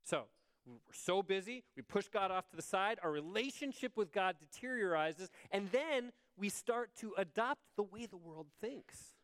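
A man's voice: high-pitched, expressive, normal speed, fairly bright tone, clear, resonant tone. A man preaching a sermon in a conversational way, often checking in with his listeners. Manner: conversational, asks the congregation "right?". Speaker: pastor.

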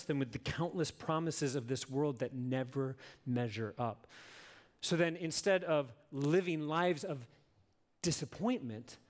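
Male pastor, sermon delivery, earnest and emphatic, slightly high voice, lots of rhetorical questions.

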